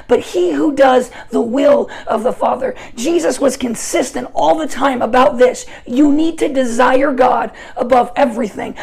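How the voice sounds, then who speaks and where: A young adult woman preaching a sermon, telling stories in an animated way, with soft asides and shouted emphasis. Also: sits high, vocal fry, husky, rough recording.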